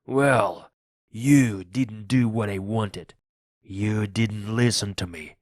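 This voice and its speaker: A man's voice: fairly low pitch, slow, dry recording, clean studio sound. Long John Silver, a man playing a fierce pirate captain. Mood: angry. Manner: loud, commanding and threatening. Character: fierce old male pirate captain, cunning and bold. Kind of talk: read-aloud audiobook acting.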